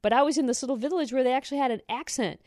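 A woman's voice: high voice, very fast, darkish tone, no room sound, studio quality. A woman co-hosting a radio show in casual chat, chatty and self-mocking, laughing often. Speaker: radio co-host.

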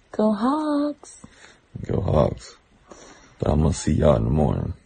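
A man doing a deep gravelly late-night drawl. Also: wildly swooping pitch, dark tone, heavily acted. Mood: sultry. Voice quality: gravelly, slow sultry drawl.

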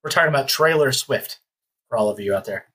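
A podcast host chats in a loose, easygoing way, quick with jokes. The voice is husky and a little rough, at a middling pitch. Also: lively intonation, a bit bright. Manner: joking, easygoing. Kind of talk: casual podcast chat.

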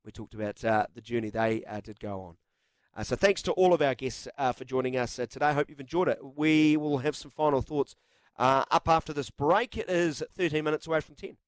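A man's voice: medium pitch, fairly quick, smooth, no room sound. A man hosting live sports talkback radio in a studio, chatty and jokey with lots of filler words. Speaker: radio sports show host. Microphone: studio microphone.

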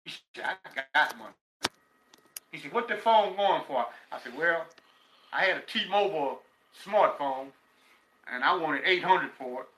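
A man's voice: fairly high pitch, animated, normal speed, fairly bright tone, echoey room, slight background noise, low-quality recording. An older man from Texas, telling stories casually and profanely as a guest. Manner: profane, laughing storyteller. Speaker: guest, former prisoner. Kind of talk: casual storytelling.

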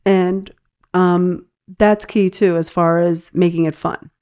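A middle-aged woman guest on a podcast speaks slowly in a low, warm voice. Her tone is smooth and clear, and she thinks aloud with frequent "um"s. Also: steady tone. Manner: thoughtful, many "um" pauses. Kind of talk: casual conversational interview.

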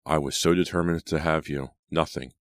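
Guy doing a young gentleman murderer, super deep, pleading, dry mic. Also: steady tone, normal speed, no echo. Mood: confessing. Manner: earnest, pleading delivery. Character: lovestruck young gentleman killer, intense. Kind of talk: audiobook character reading. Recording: dry close studio sound.

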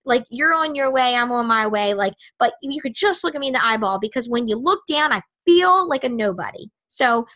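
Woman podcaster in her thirties, bright and slightly high voice, chatty storyteller. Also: brisk, hardly any pauses. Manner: animated, chatty, acts out her own inner voice. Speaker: podcast host. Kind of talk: personal storytelling monologue.

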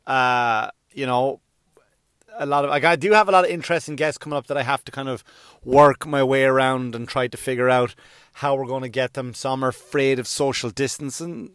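A man's voice: medium pitch, smooth, no echo, studio quality. A middle-aged man hosting his own podcast, rambling through a comedic monologue with self-deprecating asides and sudden sung outbursts. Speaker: podcast host. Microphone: podcast microphone.

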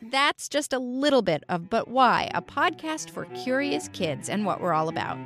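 Woman reading a kids podcast promo, higher voice, bouncy, guitar behind her. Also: big pitch swings, normal speed, fairly bright tone. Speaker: kids' podcast host.

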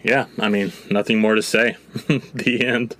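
A man's voice: on the low side, unhurried. A man co-hosting a podcast, teasing and prompting his co-hosts in casual chat. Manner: animated, teasing, prompts others. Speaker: podcast co-host.

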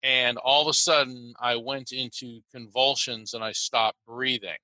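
A man from the United States, an interview guest telling a personal story, animated and halting with many restarts. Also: mid-range voice, no echo, low-quality recording.

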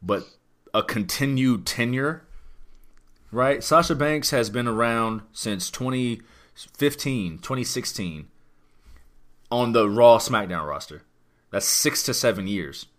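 A podcast host with a mid-range, somewhat bright voice takes it slowly, leaving long pauses. In casual wrestling chat, he rambles through the news emphatically and fires off plenty of rhetorical questions.

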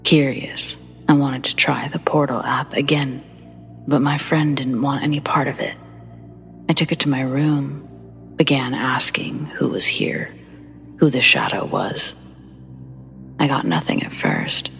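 A woman hosting a horror story show, reading first-person accounts in a hushed, breathy whisper with a slow, measured delivery. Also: a bass voice, faint music behind. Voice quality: breathy whisper with gravelly fry. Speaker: horror story narrator and host.

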